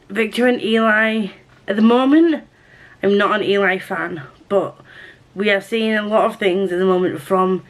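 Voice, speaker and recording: A woman chatting to camera as a book vlogger, excitable and rambling, often restarting and repeating her words. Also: mid-range voice. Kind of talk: casual chat to camera.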